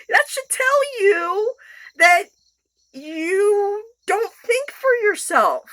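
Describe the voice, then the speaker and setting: A woman's voice: very high-pitched, sing-song, drawn-out words, fairly bright tone, no room sound, low-quality recording. A woman telling her personal story in a raw, rambling monologue, blunt and profane. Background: music.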